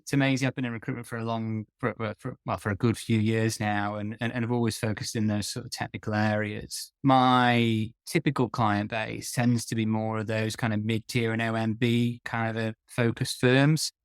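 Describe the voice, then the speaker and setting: Guy on a podcast, low flat voice, keeps repeating words, dry close mic. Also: moderate pace, few pauses, clear, resonant tone, dry recording. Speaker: recruitment guest. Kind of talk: casual podcast chat.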